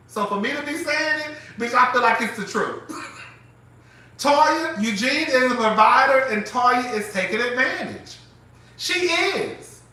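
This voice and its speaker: A man hosting a casual live commentary show, animated and profane, laughing often as he talks. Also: very high-pitched, very echoey, recorded from a distance. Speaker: host.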